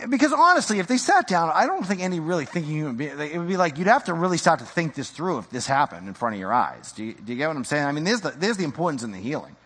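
High bright-voiced guy preaching, super animated, slangy, echoey hall. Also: quick pace, few pauses, breathy edge. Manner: animated, casual slang, acts out quoted voices. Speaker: pastor. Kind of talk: sermon.

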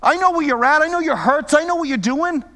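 A man's voice: very high voice, fairly quick, pushed and bright, big-room sound, voice pushed up. A man preaching a sermon, voicing God as a loving, all-knowing figure who speaks earnestly and repeats his words. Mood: tender.

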